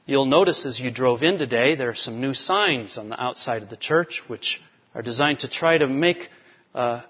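A man's voice: mid-range voice, breathy edge. A man preaching a sermon as pastor, explaining scripture and building to emphatic points. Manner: expository preaching, rising to emphatic peaks. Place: church sanctuary. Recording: dull sound with long hall reverb.

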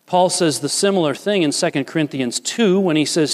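A man preaching a sermon, animated and playful, acting out short voices of characters as he teaches. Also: a little high, brisk, hardly any pauses, long reverb tail. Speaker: pastor.

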